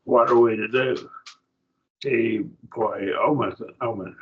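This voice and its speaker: A plainspoken, folksy man, a preacher, teaching a slow Bible Greek grammar lesson to a class. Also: medium pitch, steady tone, breathy edge. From rural. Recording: dull lo-fi classroom recording.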